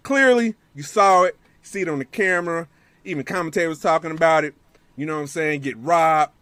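A man in a casual chat recapping a wrestling show, animated and laughing as he quotes people. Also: a little high, fairly quick, clear, resonant tone, no echo.

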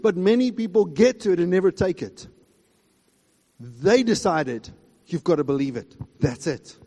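A man preaching a sermon emphatically, swinging between loud high exclamations and quiet asides. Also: long reverb tail. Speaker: pastor.

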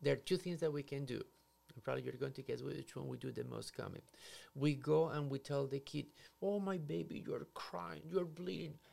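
A psychotherapist explaining ideas in conversation, acting out scenarios in quoted voices. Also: male voice, mid-range voice, fairly even intonation, a little fast, gravelly, dark tone. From Latin America.

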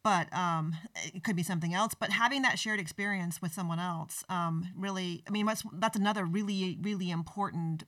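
A woman hosting a casual conversation, speaking thoughtfully with many pauses and ums. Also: on the low side, fairly bright tone, no echo. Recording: dry, distant from the mic.

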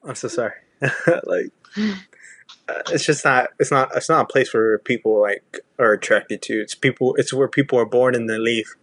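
Southern man, halting and rambling in casual talk, dry recording. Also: mid-range voice, fairly bright tone, slightly rough, dry recording. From Texas. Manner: rambling, many restarts and fillers. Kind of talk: casual chat.

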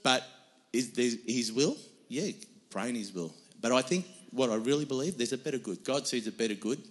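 A man's voice: medium pitch, lively intonation, moderate pace, slightly rough. A middle-aged man, a pastor, answering on a church panel in an earnest, emphatic way, repeating his points.

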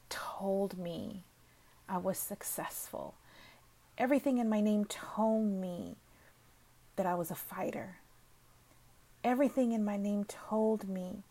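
A woman telling a heartfelt personal story in a casual, emotional way, often repeating herself and sometimes dropping to a soft whisper. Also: mid-range voice. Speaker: social media creator.

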